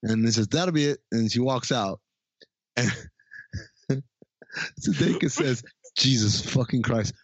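A man's voice: medium pitch, animated, takes it slowly, pauses often, no room sound. Man, casual co-host, retelling movie scenes, quoting lines, laughing, dry, slightly muffled. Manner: storytelling retells of dialogue, laughing at the jokes. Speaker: podcast co-host. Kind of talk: casual movie recap chat.

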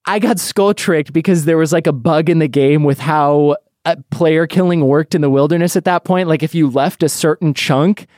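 A young man hosting a casual podcast chat, telling animated stories and laughing often. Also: on the high side, normal speed, few pauses, no echo, clean studio sound. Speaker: podcast host.

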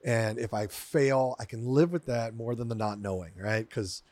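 A man in his fifties, an actor and comedian, telling lively self-deprecating stories as a guest. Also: medium pitch, normal speed, no echo. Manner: animated, self-deprecating storyteller. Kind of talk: casual storytelling in conversation.

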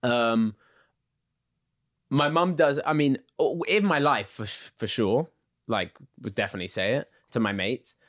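A man in his thirties with an English accent, a guest actor talking in a relaxed, chatty way, full of filler words. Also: medium pitch, measured pace, no echo, studio quality. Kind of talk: casual interview chat.

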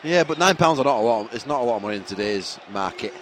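A man co-hosting a football podcast, excitable and laughing often. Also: medium pitch, fast, a little hiss or hum. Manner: lively, laughs a lot, excitable. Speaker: podcast co-host. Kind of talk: casual football banter.

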